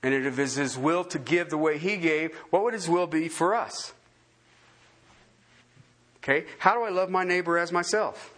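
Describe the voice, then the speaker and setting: A man's voice: on the high side, normal speed, pauses often. A man preaching a sermon, full of questions put to his listeners. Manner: animated, asks the congregation many questions. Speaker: pastor.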